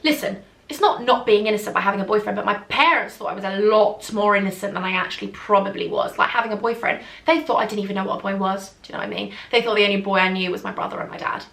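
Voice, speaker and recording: A woman's voice: mid-range voice, fairly even intonation, fast talker, creaky, a bit bright. A young woman telling a funny story to camera in a chatty, giggly way, acting out what others said. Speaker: beauty vlogger. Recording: echoey room.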